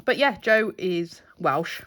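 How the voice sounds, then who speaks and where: Brief: British woman, nail artist, chatty and giggly, lots of pitch movement. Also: expressive, takes it slowly, a bit bright. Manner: chatty, giggly, puts on silly voices in stories. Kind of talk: casual chat while working.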